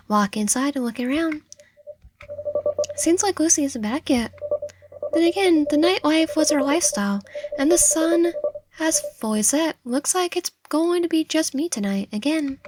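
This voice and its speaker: A woman reading a visual novel aloud in first person, expressive, with stumbles and asides. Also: sits high, normal speed, background noise. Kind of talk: dramatic game read-through with asides.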